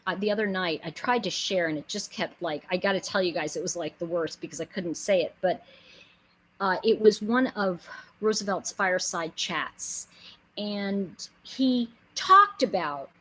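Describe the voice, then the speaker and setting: A middle-aged woman giving an animated inspirational talk to her viewers, telling stories, acting out quotes and building to emphatic pleas. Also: on the low side, normal speed, low-quality recording. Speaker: spiritual speaker and host.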